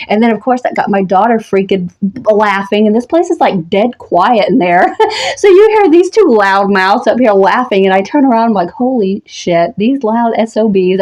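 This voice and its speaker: A woman in her thirties tells a story casually, full of energy. She swears freely and breaks into laughter often, her voice sitting at an everyday middle pitch. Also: darkish tone. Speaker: horror vlogger.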